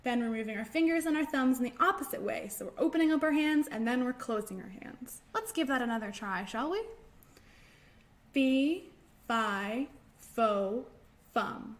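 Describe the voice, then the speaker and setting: A woman leading a children's storytime, reading aloud and doing finger rhymes in a gentle, sing-song way. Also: high voice, lively intonation. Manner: slow, gentle, sing-song with frequent laughs. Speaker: children's librarian.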